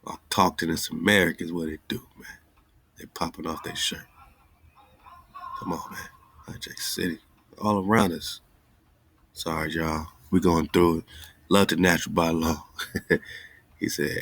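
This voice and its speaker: Host, male, very low voice, loose and exasperated, dry close sound. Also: steady tone, moderate pace, pauses often, a bit bright, no echo. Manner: loose, exasperated, talks straight to listeners. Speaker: online radio show host. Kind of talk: casual live-stream talk.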